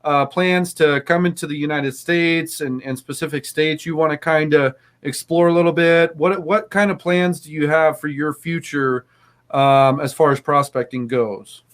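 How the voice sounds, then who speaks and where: A man's voice: on the high side, fairly even intonation, normal speed. A man hosting a casual podcast interview, effusive and full of um and uh fillers. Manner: effusive, many fillers, repeats praise. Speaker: podcast host.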